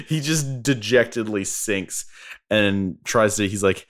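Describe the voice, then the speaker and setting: A man's voice: lowish voice, expressive, slow pace, a bit bright. A man co-hosting a podcast, chatting casually and playfully about wrestling and laughing often. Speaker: podcast co-host. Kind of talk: casual wrestling review chat.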